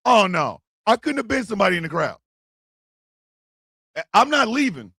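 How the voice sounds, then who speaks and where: A man's voice: high voice, sing-song, moderate pace, bright, forceful tone, slightly rough, dry recording. A man hosting a comedy podcast, ranting in a profane, mocking way with bursts of laughter, close on the mic. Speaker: podcast host. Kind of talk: comedic rant.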